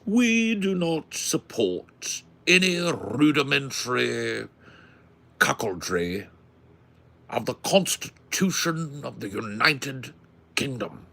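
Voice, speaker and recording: A man's voice: mid-range voice, sing-song, takes it slowly, gravelly, pushed and bright, voice pushed up, exaggerated voice. A man doing a prim, over-enunciated posh British voice while joking.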